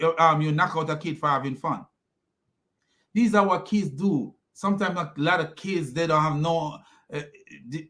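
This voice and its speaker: A man's voice: on the high side, bright, forceful tone. A man hosting a commentary video, ranting and mocking as he reacts to clips. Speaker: commentary host.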